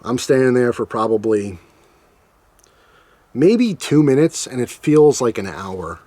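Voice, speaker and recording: A man's voice: mid-range voice, sing-song, measured pace, mellow, dry recording. A man casually telling a personal story to his viewers, joking and acting out his own reactions. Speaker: storytime vlogger.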